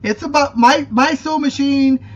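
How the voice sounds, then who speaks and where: A man's voice: very high-pitched, lo-fi sound. A man co-hosting a podcast, teasing and telling stories in casual chat. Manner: teasing, storytelling, quick bursts. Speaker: podcast co-host.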